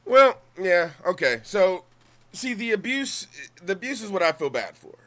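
A man's voice: high voice, very animated, moderate pace, sharp tone. A man streaming, talking through a clip in casual, profane commentary, rambling with repeated words and restarts. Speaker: streamer reacting to clips.

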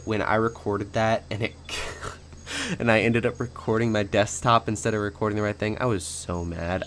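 A young man talking casually over his gameplay as a channel host, rambling with many fillers and little laughs, in a fairly monotone way. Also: fairly low pitch, a little hiss or hum. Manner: rambling, chatty, frequent fillers and small laughs; admits to a somewhat monotone delivery.

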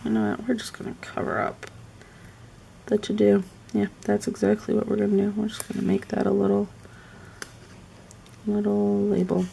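A woman's voice: mid-range voice, completely flat delivery, normal speed, gravelly, pauses often, warm tone, slight background noise. A woman chatting casually on a live stream while decorating a planner at home, often slipping into murmured, half-whispered asides to herself. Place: at home with her pets.

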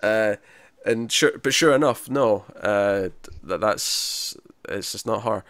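A man's voice: lowish voice, takes it slowly, a bit bright, no echo. A man co-hosting a podcast, recapping a drama episode in a chatty, rambling way and acting out quotes. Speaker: podcast co-host. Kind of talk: casual TV review recap.

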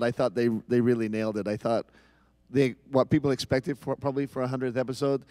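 A man's voice: mid-range voice, mellow, no echo. A man on a convention panel enthusiastically praising, repeating himself.

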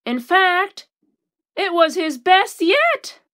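A woman reading a children's storybook aloud, slow and expressive, like a teacher at story time. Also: extremely high pitch.

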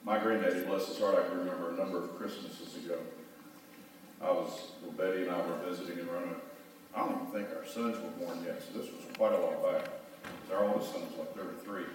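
A man's voice: low-pitched, steady tone, fast, a little hiss or hum. A middle-aged male pastor giving a sermon, telling a folksy story and leading call-and-response prayer. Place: church sanctuary. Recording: echoey hall, voice from far off.

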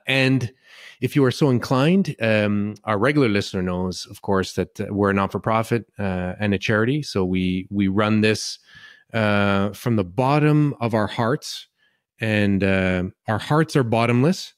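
A man's voice: fairly low pitch, measured pace, no echo, studio quality. A male podcast host opening the show, hesitant and self-deprecating, with many fillers. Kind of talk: show intro and plug.

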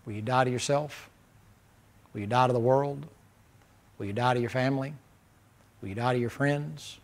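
A man preaching in a folksy, down-home way. His voice sits in a middle pitch, and he swings from loud emphasis to hushed, close moments. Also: moderate pace. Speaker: pastor. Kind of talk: sermon.

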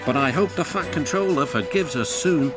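A man's voice: on the high side, animated, normal speed, over loud music, lightly acted. A man with a British accent voicing a cheeky young male tank engine in a storybook tale. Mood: hopeful.

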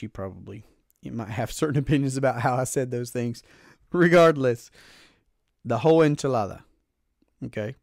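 A man's voice: mid-range voice, darkish tone, no room sound, studio quality. Emphatic man explaining finance. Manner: earnest, emphatic, often repeats phrases. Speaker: podcast host.

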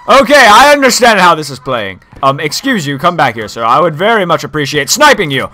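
Excitable young man yelling over gameplay. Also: fairly high pitch, a little fast, hardly any pauses, slight background noise. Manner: excitable, yelps and screams, mock-formal sarcasm. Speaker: gaming YouTuber. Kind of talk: live gameplay commentary. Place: home.

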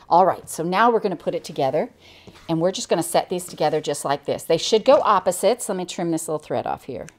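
An older American woman with a lowish, expressive voice talks at a quick clip as she teaches quilting. She walks through each step in a chatty, cheerful way, clearly enthusiastic about the work, while a sewing machine runs in the background.

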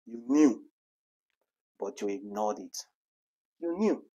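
A man giving animated, scolding celebrity gossip commentary full of rhetorical questions. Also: fairly low pitch, slow, muffled recording.

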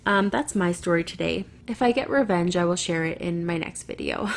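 A woman's voice: on the low side, normal speed, vocal fry. Canadian woman ranting her story to the camera, swears a lot, keeps restarting sentences. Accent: Canadian English. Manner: chatty and rambling, swears freely, restarts sentences. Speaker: vlogger telling her own story.

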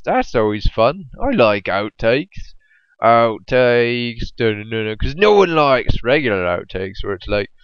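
A young man casually commentating his own game, rambling and joking, sometimes slipping into brief squeaky silly voices. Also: smooth, no echo, dull audio.

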